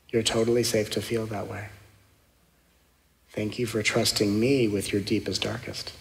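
A man, a spiritual teacher, leading a guided meditation in a soft, slow, gently reassuring way, repeating affirmations. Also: fairly low pitch, little pitch movement, gravelly. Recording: long hall reverb.

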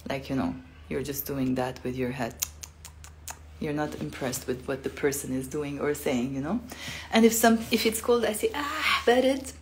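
A woman's voice: a bass voice, moderate pace, darkish tone, a little hiss or hum. A woman giving a casual live-stream language lesson, chatty and full of fillers, acting out the sounds she teaches. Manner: chatty, filler-heavy, demonstrates sounds expressively.

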